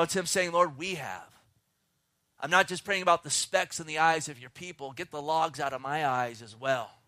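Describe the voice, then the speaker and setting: Male preacher, slightly high voice, fervent sermon delivery with hushed dips. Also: no room sound, studio quality. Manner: fervent preaching, swings between loud and hushed, slows to read scripture. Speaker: pastor. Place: outdoors.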